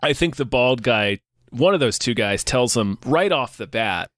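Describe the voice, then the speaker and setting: A man's voice: mid-range voice, lively intonation, moderate pace, fairly bright tone. A man co-hosting a casual film podcast, retelling scenes in a chatty way. His voice sits in a middle range. The sound is close and dry, with no room echo. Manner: chatty, recounts scenes with laughs. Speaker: podcast co-host. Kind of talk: casual film review chat.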